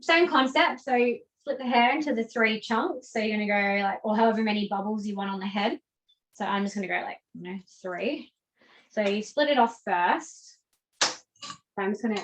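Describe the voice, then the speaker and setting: A woman's voice: medium pitch, normal speed, a bit bright, low-quality recording. A woman with an Australian accent, chatting animatedly while she demonstrates braiding on a mannequin as the teacher of a hair lesson. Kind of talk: casual hair braiding tutorial on a video call.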